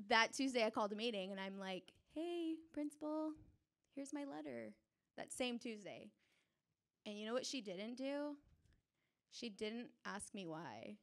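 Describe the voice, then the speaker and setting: A young adult woman with a slightly high voice tells a personal story on stage to a live audience, animated and chatty and laughing often.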